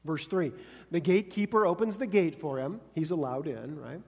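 A man's voice: a little high, normal speed, a little mellow, big-room sound. A man preaching a conversational sermon, often checking in with his listeners by asking "right?". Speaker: pastor.

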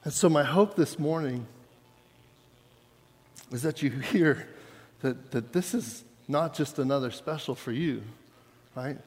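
A man's voice: medium pitch, measured pace, pauses often. A man preaching a sermon, retelling a story in a casual, conversational way and building to fervor. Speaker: pastor. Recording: long hall reverb.

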